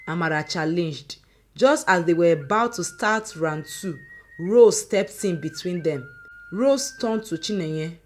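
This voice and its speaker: A woman, reading a dramatic folk story aloud in a lively, folksy manner. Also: lowish voice, a little slow, a little hiss or hum. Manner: lively folksy narration with local similes. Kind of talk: scripted story narration.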